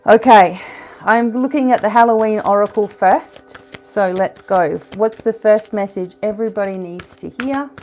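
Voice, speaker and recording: A woman's voice: mid-range voice, normal speed, darkish tone, soft background music. A woman giving a casual oracle card reading to her viewers, chatting, laughing at her own slips and reading card text aloud.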